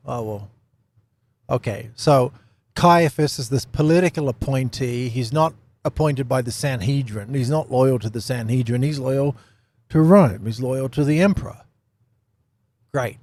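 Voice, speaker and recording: A man giving an unscripted Bible study talk, animated, with lots of rhetorical questions and repeated phrases. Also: medium pitch, measured pace. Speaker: Bible teacher.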